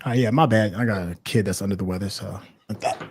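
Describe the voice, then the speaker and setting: A man's voice: lowish voice, fast talker, a little mellow, slight background noise. A man co-hosting a livestream, talking in an easygoing way with frequent laughs. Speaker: livestream co-host. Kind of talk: casual chat.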